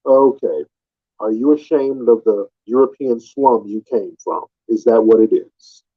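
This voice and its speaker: A man with a mid-range voice hosts a live call-in audio stream at a measured pace, mocking and taunting callers and repeating his questions. The muffled, lo-fi stream audio carries this combative talk.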